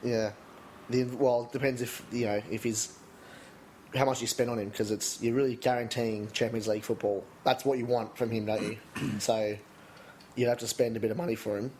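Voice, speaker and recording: A man, chatting casually as a podcast co-host and teasing his friends with quick stories. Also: mid-range voice, little pitch movement, darkish tone, a little hiss or hum, rough recording. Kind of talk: casual chat.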